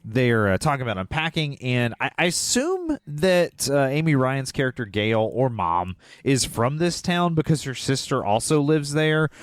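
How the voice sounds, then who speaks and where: A man's voice: mid-range voice, big pitch swings, normal speed, hardly any pauses, no room sound, clean studio sound. A man co-hosting a podcast, chatting casually and jokingly, rambling with lots of fillers. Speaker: podcast co-host. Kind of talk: casual comedic chat.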